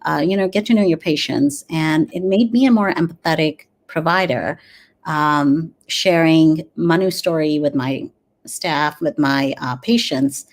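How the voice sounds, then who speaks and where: A woman in her forties, a dentist and grief coach, talking earnestly in an interview with many pauses and fillers. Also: deep voice. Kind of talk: conversational interview.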